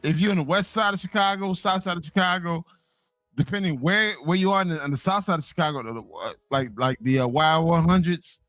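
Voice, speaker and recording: A man co-hosting a casual chat, animated and repeating himself as he talks. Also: fairly high pitch, brisk, dry recording, clean studio sound. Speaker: podcast co-host.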